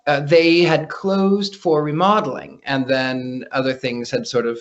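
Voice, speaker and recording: A man being interviewed as a psychic guest, telling stories in an animated way and often repeating his first words. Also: on the high side, measured pace. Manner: animated, repeats words when starting sentences. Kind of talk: casual storytelling interview. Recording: dull lo-fi podcast audio.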